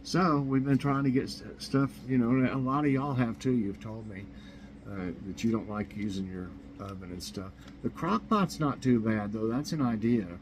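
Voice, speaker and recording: A man's voice: mid-range voice, normal speed, a little hiss or hum, poor audio. Rambling man hosting a chat show. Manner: rambling, chuckles at his own jokes. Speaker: host of a morning chat show. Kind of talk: casual chat. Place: home kitchen.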